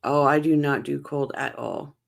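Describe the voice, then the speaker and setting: With a rumbling low voice, vocal fry, and a steady tone at normal speed, a woman from Canada runs a livestream. She chats casually about a live court stream and reads viewer comments aloud.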